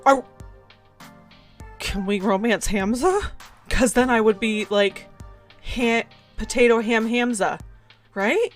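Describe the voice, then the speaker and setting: A woman's voice: a little high, takes it slowly, pauses often, faint music behind. A young adult woman streaming a game live, who chats in a giggly, jokey way and reads the game text aloud.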